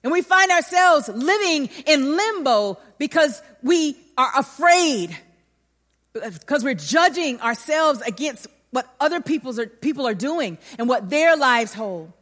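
In a high, unhurried voice, a woman preaches a sermon built around a personal story. She's animated, acting out the voices of the people involved, and a long hall reverb surrounds her.

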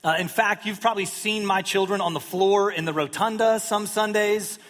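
A man's voice: high-pitched, normal speed, fairly bright tone. A pastor in his thirties preaching a sermon in a conversational way, with self-deprecating humor and quotes he acts out. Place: church sanctuary. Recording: long hall reverb.

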